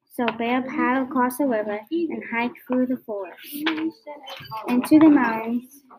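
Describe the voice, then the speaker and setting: A woman reading a picture book aloud, halting at times with restarts and repeats. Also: fairly high pitch, background noise. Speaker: storyteller. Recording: crowd heard behind.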